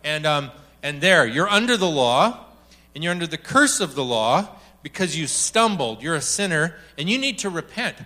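Man, preacher, sermon, animated, joking, bright voice, higher pitch. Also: moderate pace. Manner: animated and joking, acts out quotes. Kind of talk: sermon with storytelling.

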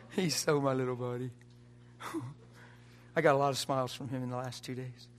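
A man preaching a sermon to a live audience in a church, emphatic, swinging from soft asides to loud exhortation and often laughing and urging the crowd on. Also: mid-range voice, fairly even intonation, normal speed, slight background noise. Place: church or conference hall before a live audience.

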